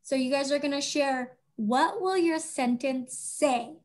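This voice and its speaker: A woman teaching young children over a video call, patient and encouraging, speaking slowly and clearly. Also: high voice, a little mellow.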